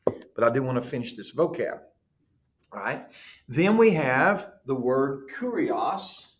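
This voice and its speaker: A man's voice: mid-range voice, very animated, slow, reverberant. A man teaching a class, explaining patiently and checking in with the students. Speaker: Greek teacher. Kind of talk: classroom lecture.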